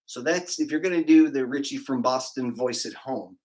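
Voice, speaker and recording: A man's voice: mid-range voice, lively intonation, normal speed, poor audio. A man hosting a livestream, rambling and cracking crude jokes as he reads out donations. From California. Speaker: livestream host reading donations. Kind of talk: casual livestream banter.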